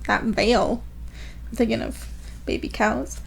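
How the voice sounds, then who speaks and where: A woman's voice: fairly high pitch, normal speed. Woman gleefully recapping a novel. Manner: animated retelling, reading quotes aloud with laughter. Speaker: podcast co-host. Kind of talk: casual book-club chat, recapping a novel.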